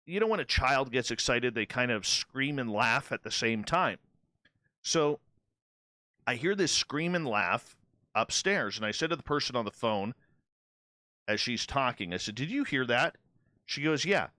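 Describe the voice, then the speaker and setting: A man hosts a talk-radio panel and tells an anecdote with animated energy, acting out the dialogue himself. His voice is bright and forceful. The sound is dry and close to the mic. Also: mid-range voice, dry recording. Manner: animated anecdote-telling, acts out both sides of dialogue. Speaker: radio show host. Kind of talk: casual storytelling on a panel show.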